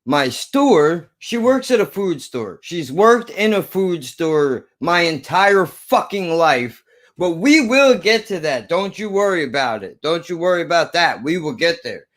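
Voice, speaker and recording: A man in his thirties telling a story as an animated, profane rant to his viewers. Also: on the high side, unhurried. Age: 30s. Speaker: vlogger. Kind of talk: ranting storytelling.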